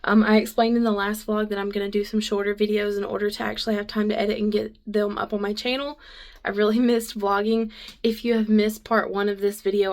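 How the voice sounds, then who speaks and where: Lady vlogging, kinda out of breath, flat easygoing chatter. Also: medium pitch, fast. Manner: relaxed, chatty, with fillers. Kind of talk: casual chat.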